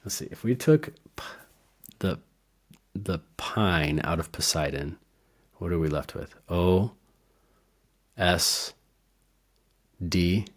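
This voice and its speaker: A man with a very deep voice talks through his ideas in a loose, meandering way, as if thinking aloud. He is playful and breaks into quiet laughs at his own wordplay. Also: slow pace, pauses often. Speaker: herbalist podcast host. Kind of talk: casual educational monologue.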